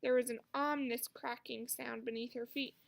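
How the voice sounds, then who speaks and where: A woman reading a children's book aloud with expressive storytelling. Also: a little high, normal speed, vocal fry. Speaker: narrator.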